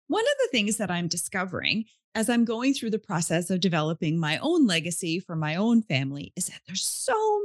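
A woman's voice: mid-range voice, dry recording, studio quality. A woman hosting a podcast, introducing her guest in an upbeat, effusive way. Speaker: podcast host.

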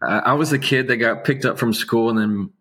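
A man speaking as an interview guest, an attorney, with a calm, soothing low voice and slow, measured delivery. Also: husky. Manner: slow, measured, unhurried speech. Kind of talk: casual interview talk.

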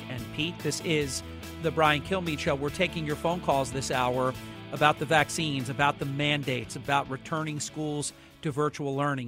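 Filling in as a radio talk show host, a man with a fairly high voice offers emphatic, opinionated commentary and speaks directly to callers.

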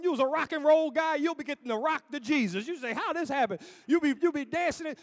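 A man preaching a sermon as pastor, impassioned, rising to shouts and dropping low, in an informal church preaching cadence. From United States.

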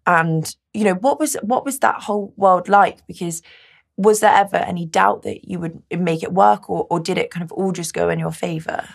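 A woman's voice: fairly low pitch, normal speed, creaky. A woman interviewer asking long, tentative questions with frequent hedges. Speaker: magazine interviewer. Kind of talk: conversational interview.

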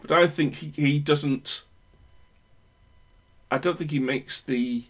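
A man's voice: fairly high pitch, slow pace, fairly bright tone. A man with a northern English accent in casual chat, rambling and opinionated with many restarts. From Northern England.

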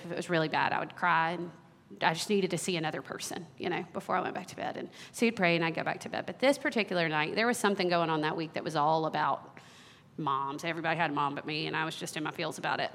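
A woman in her thirties, a worship leader, telling a personal story in a sermon with earnest warmth and small laughs. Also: on the low side. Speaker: worship leader giving a talk. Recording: long hall reverb.

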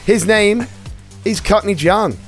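A man's voice: sits high, takes it slowly, fairly bright tone, soft background music. A man hosting a podcast, chatting in a jokey, enthusiastic way. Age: adult dad. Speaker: podcast host. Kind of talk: casual podcast banter.

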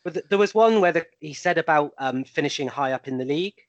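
A man's voice: on the high side, lively intonation, fast, no echo. A man on a chat panel, telling an anecdote with plenty of ums and hesitations. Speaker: panel guest.

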